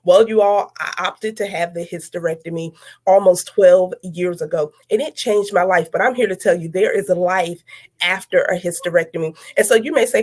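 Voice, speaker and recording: A woman's voice: medium pitch, a little fast, a little mellow. A woman, hosting a talk show, emphatic and encouraging, repeating her phrases. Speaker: host.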